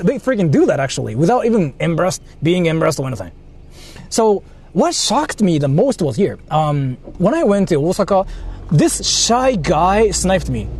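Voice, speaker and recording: A man's voice: high-pitched, a little mellow. A man vlogging while he drives, talking in a rambling, casual way, full of fillers and swearing. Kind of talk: casual chat while driving. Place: in a car. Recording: faint road noise in a car. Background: faint car and street noise.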